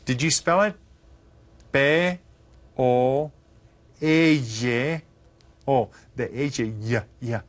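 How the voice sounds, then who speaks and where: A man teaching a recorded lesson to students, spelling words out slowly and patiently, with encouraging questions. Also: mid-range voice. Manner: patient, slow enunciation of words. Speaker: Spanish teacher.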